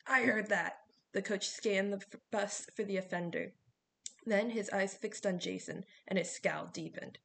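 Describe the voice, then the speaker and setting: A woman reading a novel aloud in steady scripted narration. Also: medium pitch, normal speed, gravelly. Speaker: audiobook reader.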